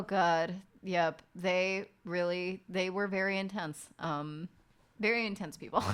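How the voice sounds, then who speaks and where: A woman streamer spins a family tale in a loose, chatty way. She is dramatic and swears freely, and her voice sits at an ordinary middle pitch. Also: smooth. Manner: dramatic, profane, animated storyteller. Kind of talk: casual storytelling chat.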